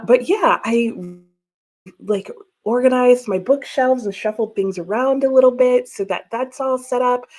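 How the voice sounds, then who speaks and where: Woman, livestream host, high-ish voice, chatty and quick to laugh. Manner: chatty, laughs often, reads out viewer comments. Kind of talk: casual livestream chat. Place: home room with bookshelves.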